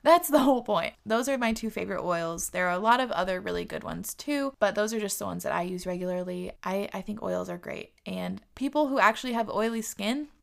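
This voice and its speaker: Candid, gravelly-voiced woman chatting casually. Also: medium pitch, brisk, few pauses. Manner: candid and chatty, swears freely. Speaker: host. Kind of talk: casual chat answering viewer questions.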